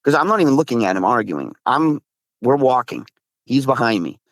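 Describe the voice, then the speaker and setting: A man from Massachusetts, a guest recounting his encounters in casual storytelling, excitable, with frequent restarts and slang. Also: medium pitch, a little fast, no room sound. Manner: excitable, swears, says dude a lot, frequent restarts.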